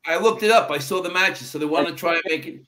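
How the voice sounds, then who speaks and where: A man in a casual chat, explaining in a halting way as he searches for words. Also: on the high side, over a noisy crowd.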